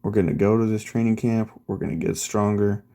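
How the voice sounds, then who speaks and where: A man's voice: fairly low pitch, a little fast, dark tone, lightly acted. A man voicing a blunt, confident teenage boy hero in a loose, slangy, profane manner.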